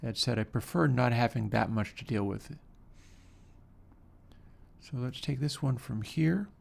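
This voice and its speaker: The host of a livestream edits audio and thinks aloud about the technical work in a relaxed, musing way. He speaks at a measured pace in a medium-pitched, creaky voice.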